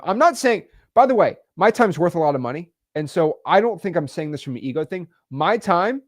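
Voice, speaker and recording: A young man hosting a live stream, talking emotionally and haltingly, repeating words and sighing. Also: fairly high pitch, dry recording, clean studio sound. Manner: halting, repeats words, sighs, swings between loud and quiet.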